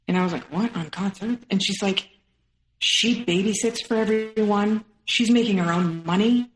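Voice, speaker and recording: A woman's voice: medium pitch, reverberant, low-quality recording. A woman in her thirties, a podcast guest, telling a personal story with feeling and acting out what others said. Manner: emotional, quotes others in rapid retelling.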